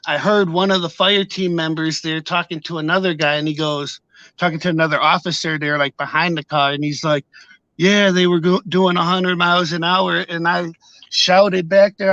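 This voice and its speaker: A man casually telling a story to his viewers on camera, heated and profane, acting out shouted exchanges. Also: on the high side, steady tone, a little fast, no room sound, muffled recording. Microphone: camera mic.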